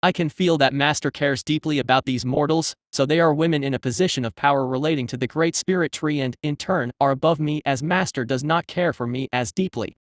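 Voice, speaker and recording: A man's voice: on the high side, a little fast, hardly any pauses, dry recording, clean studio sound, lightly acted. A man voicing a huge male spider who speaks in stiff, pompous, formal phrases. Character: giant spider king, male, formal and servile.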